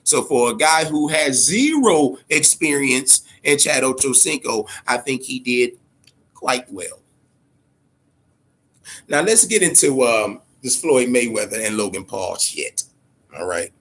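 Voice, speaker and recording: A man hosting a boxing talk show, giving casual, profane commentary in an animated way, often repeating words and tagging on "man" and "all right?". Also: mid-range voice, takes it slowly, husky. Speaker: boxing podcast host.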